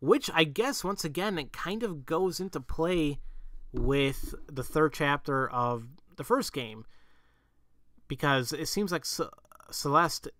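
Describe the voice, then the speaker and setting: A man doing casual let's play commentary, excitable and prone to shouting, then rambling with restarts as he reflects. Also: on the high side, takes it slowly, no echo. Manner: excitable, breaks into shouts and laughter. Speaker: let's player.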